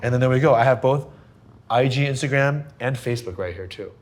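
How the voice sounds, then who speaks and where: A man's voice: mid-range voice, fairly quick. Easygoing male talk-show host. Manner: easygoing, playful, with many fillers. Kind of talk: casual interview chat.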